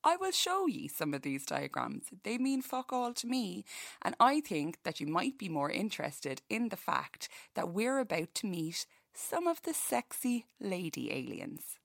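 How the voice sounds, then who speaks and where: A woman's voice: mid-range voice, sing-song, a little slow, vocal fry, dry recording. A woman hosting a podcast who reads a book aloud and breaks off for profane, jokey asides. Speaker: podcast host.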